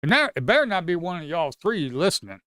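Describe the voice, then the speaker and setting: Man, livestream trader, excitable and chatty, clean voice, dry sound. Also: high voice, fast, no room sound. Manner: excitable, swings from shouting to muttering, talks to the market. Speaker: live trading streamer. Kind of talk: live commentary on his own trades.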